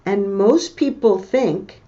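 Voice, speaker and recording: A woman teaching English, reading a text aloud slowly and explaining words and intonation to her learners. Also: mid-range voice, warm tone, highs cut off. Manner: slow, deliberate reading with pronunciation comments.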